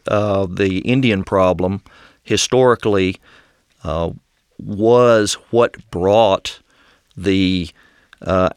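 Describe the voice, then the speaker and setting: Low-voiced West Texan man. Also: smooth, no echo, clean studio sound. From Amarillo, Texas. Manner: polite, deliberate, says "yes, sir". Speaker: audience questioner. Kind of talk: conversational Q&A. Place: barn.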